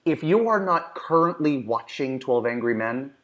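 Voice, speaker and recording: A man's voice: mid-range voice, expressive, moderate pace, fairly bright tone, dull audio. A man co-hosting a movie podcast in casual chat, enthusiastic and emphatic with a joking streak. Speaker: podcast co-host.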